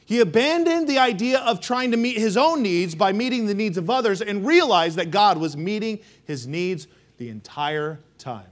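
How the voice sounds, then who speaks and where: A man preaching a sermon, emphatic and rhythmic, calling on the congregation to respond and swinging between loud and hushed delivery. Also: high-pitched, lively intonation, moderate pace. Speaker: pastor.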